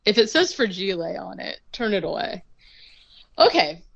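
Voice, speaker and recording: A woman's voice: medium pitch, big pitch swings, moderate pace, vocal fry, breathy edge, dry recording, muffled recording. A woman co-hosting a podcast, chatting casually as she recaps a film, laughing often and acting out quotes. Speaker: podcast co-host.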